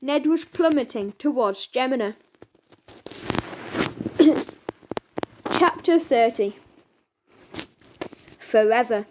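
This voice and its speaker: A woman narrating a children's audiobook in a lively storytelling manner. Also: high voice, slow pace, long pauses, noisy background. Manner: lively storytelling with sound words.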